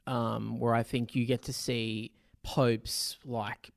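A man co-hosting a casual film podcast, chatty and quick to laugh, acting out lines from scenes. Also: mid-range voice, level tone, vocal fry, no echo, studio quality. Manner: chatty, laughs easily, acts out quotes. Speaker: podcast co-host.

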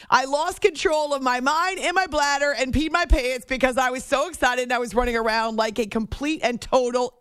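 A woman hosting a sports radio show, telling a story on air in a chatty, animated way that often breaks off mid-sentence. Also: sits high, no echo, studio quality. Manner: chatty, animated, self-interrupting. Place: radio studio. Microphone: studio microphone.

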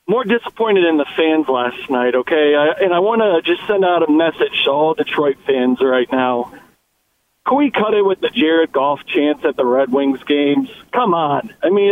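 A man calling into a sports radio show, giving opinionated comments and rallying the fans. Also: on the high side. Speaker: caller. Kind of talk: call-in comments. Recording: tinny phone line.

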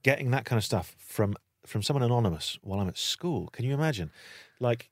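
A British man telling a long anecdote in casual chat, lively and acting out the voices of the people in it. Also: mid-range voice, fairly quick, no room sound, studio quality. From Britain. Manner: animated storytelling, acting out voices. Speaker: guest storyteller.

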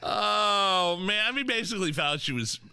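A man's voice: high-pitched, animated, moderate pace, bright, forceful tone, clean tone, no echo, studio quality. A man hosting political talk radio, combative and sarcastic, with frequent restarts. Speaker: radio talk show host.

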